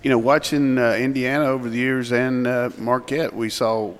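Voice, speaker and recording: A man's voice: medium pitch, little pitch movement, moderate pace, clear, resonant tone, big-room sound. A man, a former coach, talking sports in a folksy, teasing way on a talk show.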